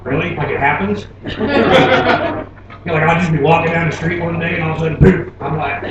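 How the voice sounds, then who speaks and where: Guy from florida doing stand-up, kinda high voice, taped from way back in a super echoey noisy club. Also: normal speed, distant mic, lo-fi sound. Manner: animated storytelling, laughs at his own jokes. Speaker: stand-up comedian. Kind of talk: stand-up comedy set. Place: comedy club stage.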